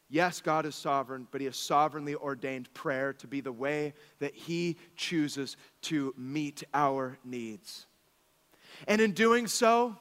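A man in his thirties, a pastor preaching a sermon, telling stories with animated swings from soft asides to exclamations. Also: on the high side, takes it slowly, long reverb tail.

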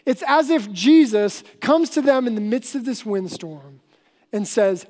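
A woman pastor preaching a sermon, explaining earnestly and slowing down for emphasis. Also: fairly high pitch, expressive, darkish tone. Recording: long hall reverb.

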